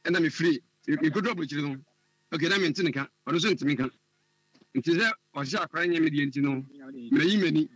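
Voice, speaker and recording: A man, calling in to tell a personal story, often halting and repeating words as he searches for what to say. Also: fairly high pitch, fairly bright tone, husky, no room sound. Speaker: caller. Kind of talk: telling a personal story on a call-in show.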